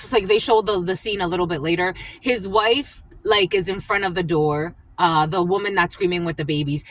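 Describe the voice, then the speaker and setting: A woman's voice: medium pitch, rough recording. Rambling woman reading tarot. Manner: rambling storytelling with many fillers; acts out the people in her anecdotes. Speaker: tarot reader. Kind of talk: casual collective tarot reading.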